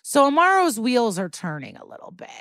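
A woman's voice: a little high, big pitch swings, a little fast, a bit bright, no echo. A woman co-hosting a podcast, casually recapping an episode in a chatty, profane way. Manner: chatty, profane, acts out quotes. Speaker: podcast co-host.

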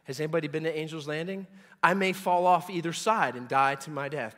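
A man in his forties preaching a sermon, emphatic, repeating words and rising loud on key points. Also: on the high side, fairly quick, in a large hall. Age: 40s. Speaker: pastor.

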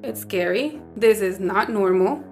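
A woman's voice: medium pitch, lively intonation, a little mellow, soft background music. A young woman co-hosting a podcast, chatting earnestly and often agreeing. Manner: conversational, earnest, quick to agree. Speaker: podcast co-host. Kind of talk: casual chat.

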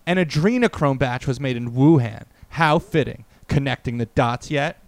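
A man's voice: mid-range voice, animated, moderate pace, no room sound. A man co-hosting a casual podcast, reading a chain message aloud in a mock-dramatic way and bossing his co-host.

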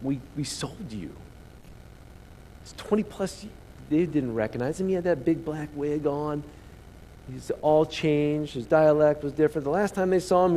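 A male pastor preaches with a fairly high voice and animated, storytelling energy. He calls out to his congregation. His words ring through a church sanctuary that has a long echo. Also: slight background noise. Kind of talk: sermon. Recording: long hall reverb.

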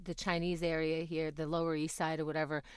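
A woman co-hosting a casual podcast, laughing and rising high in pitch whenever she gets exasperated. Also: flat delivery, a little fast, clean tone, no echo. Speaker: podcast co-host. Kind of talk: casual chat.

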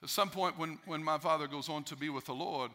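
A man's voice: on the high side, a little fast, noisy background. A male pastor preaching a sermon emphatically, repeating key phrases for effect.

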